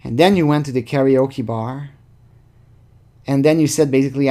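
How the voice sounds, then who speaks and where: A man's voice: medium pitch, steady tone, moderate pace, mellow. A man hosting his channel, giving rambling, sarcastic casual commentary full of fillers. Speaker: channel host. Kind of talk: casual commentary reading chat logs.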